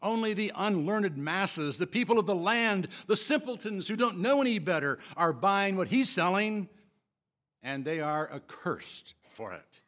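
Indignant religious leaders full of scorn, as a preacher puts them on, in a somewhat high man's voice. Their pitch rises and falls with mocking emphasis. They speak slowly and pointedly. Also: animated, a bit bright. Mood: scornful. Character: scornful self-important male religious leaders.

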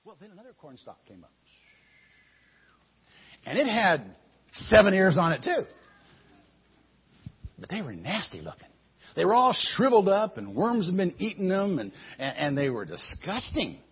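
Husky man telling a lively Bible story. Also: high voice, moderate pace, long pauses. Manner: animated, repeats words while thinking. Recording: dull lo-fi recording.

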